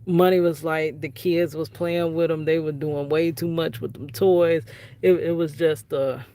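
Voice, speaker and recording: A woman's voice: deep voice, fairly even intonation, a little slow, mellow, a little hiss or hum. A middle-aged woman telling a story in a casual vlog. She talks frankly and conversationally, retelling conversations with her family. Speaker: vlogger, prison wife.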